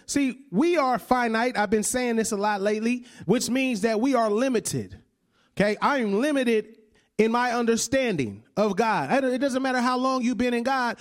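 Speaking in a very high-pitched voice, this man in his thirties preaches a conversational sermon, frequently asking "right?" and sharing laughs with the congregation.

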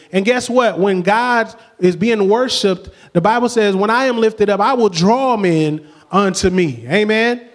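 High-voiced man preaching energetically. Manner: energetic preaching with frequent call-outs and laughs. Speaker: pastor. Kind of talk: sermon.

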